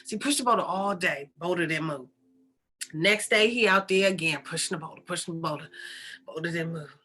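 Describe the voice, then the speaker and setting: A woman, a spiritual teacher, telling a story in an animated, repetitive, conversational way. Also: on the low side, a little fast. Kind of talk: storytelling talk.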